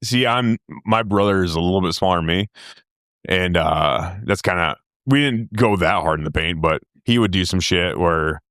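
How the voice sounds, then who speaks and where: A man's voice: low-pitched, fairly bright tone, no room sound, studio quality. A man hosting a casual podcast, reacting with short laughing quips and casual swearing. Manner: laughs a lot, quick reactions and curses.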